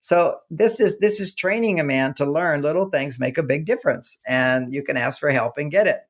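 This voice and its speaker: A man, an author being interviewed, talking casually and telling animated stories in which he acts out the dialogue. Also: on the high side, normal speed. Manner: animated storyteller acting out quoted dialogue. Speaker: author and guest.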